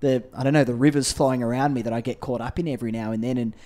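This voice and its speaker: A man with a mid-range voice hosts a podcast conversation. He reflects out loud, pausing and restarting as he works through his thoughts. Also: medium pitch, steady tone. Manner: reflective, thinks aloud with restarts. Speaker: podcast host.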